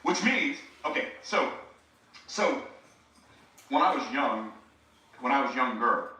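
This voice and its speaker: A preacher gives a live teaching talk in a bright, forceful voice, chatting directly with his audience. The sound is very roomy. It is picked up from a distance. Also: mid-range voice, animated, slow pace. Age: 60s. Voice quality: conversational, addresses the audience directly. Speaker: preacher and speaking coach.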